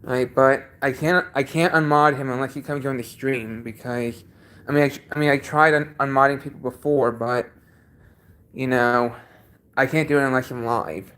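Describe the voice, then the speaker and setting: A man's voice: medium pitch, steady tone, a bit bright, clear, resonant tone. A man chatting casually on his own livestream from a basement, sounding congested and often repeating himself as he talks. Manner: halting, repeats each sentence. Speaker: livestream host.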